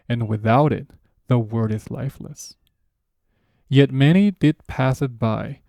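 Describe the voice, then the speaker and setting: A solemn reader of archaic scripture, as a man puts him on, with a slow, lofty cadence. The voice is gravelly and mellow. The recording is dry and close, with no room around it. The speaker's first language is Spanish. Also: mid-range voice, no room sound.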